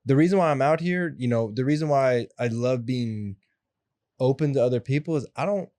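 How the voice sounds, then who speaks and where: A young adult man telling stories as an interview guest, animated and acting out the voices of people in them. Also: mid-range voice, brisk, no echo. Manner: animated, acts out quoted voices. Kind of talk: casual storytelling interview.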